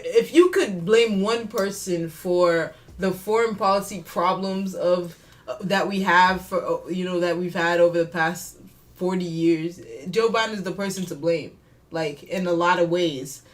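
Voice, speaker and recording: A woman co-hosting a podcast, chatting casually about politics, animated, swearing and laughing often. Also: on the low side, measured pace. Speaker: podcast co-host.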